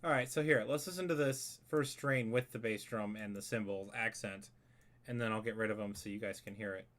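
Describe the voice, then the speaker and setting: Editing a score on a casual screen-share tutorial, a man explains a music arrangement, thinking aloud with rambling and self-corrections. His voice is fairly low and fairly bright, and his pace is brisk.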